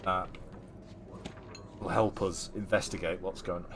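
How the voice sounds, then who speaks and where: A Mancunian man chatting through a game stream in a lowish, slightly tired voice. He rambles along easily with fillers, and a clear noise hum sits under his talk. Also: level tone, a little slow, pauses often, a bit bright. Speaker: streamer playing a video game. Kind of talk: casual gameplay commentary.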